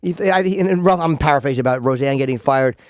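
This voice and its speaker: A man's voice: fairly high pitch, fast, no room sound. A male radio host in casual studio banter, rambling through stammered restarts and swearing freely.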